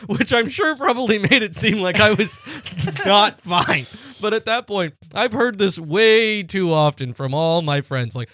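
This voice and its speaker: A man's voice: high voice, animated, measured pace, pushed and bright, no room sound. A young man co-hosting a podcast, chiming in with dry, sarcastic remarks in casual chat. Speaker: podcast co-host.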